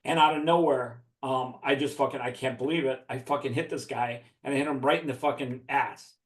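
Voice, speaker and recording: A man's voice: medium pitch, steady tone, a little fast. Profane man spinning a yarn, echoey room. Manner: profane, laughing as he tells it. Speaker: podcast guest. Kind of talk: casual storytelling.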